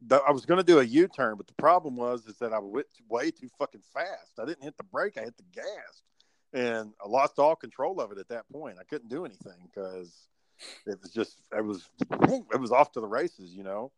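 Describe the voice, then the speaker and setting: A man's voice: mid-range voice, a little fast, dry recording. A man telling a story in casual podcast chat, cursing freely and acting out his own past lines. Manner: swearing, animated storytelling.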